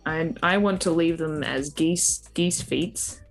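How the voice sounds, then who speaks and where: A woman's voice: sits low, slow pace, gravelly, soft background music. Playful woman chatting while drawing. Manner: playful, self-deprecating, chatty. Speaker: streamer and artist. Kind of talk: casual livestream chat while drawing.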